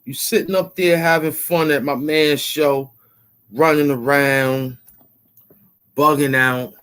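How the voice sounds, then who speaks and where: A man's voice: fairly high pitch, fairly even intonation, slow, a bit bright, clear, resonant tone. A man hosting his own channel, taunting and repeating himself as he demands money he says he is owed. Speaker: YouTube show host. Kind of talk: confrontational rant to camera.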